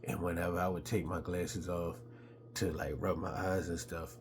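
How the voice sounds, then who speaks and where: Laid-back deep-voiced man telling stories. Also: little pitch movement, normal speed, slight background noise. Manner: laid-back, conversational, slips into high voices when quoting people. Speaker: podcast host telling stories. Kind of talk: casual storytelling.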